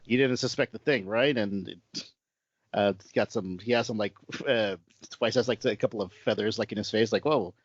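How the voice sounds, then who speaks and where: A man co-hosting a podcast, talking haltingly and filling pauses with "uh" and "like". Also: lowish voice, steady tone, no room sound. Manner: halting, many fillers. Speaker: podcast co-host. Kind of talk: casual fan discussion. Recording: dry, dull lo-fi audio.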